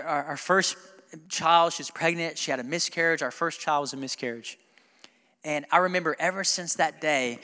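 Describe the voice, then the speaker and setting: A man in his thirties preaches a sermon in a bright, somewhat high voice. He climbs to loud, ringing peaks, then drops low and soft. The sound carries a long hall reverb. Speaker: pastor.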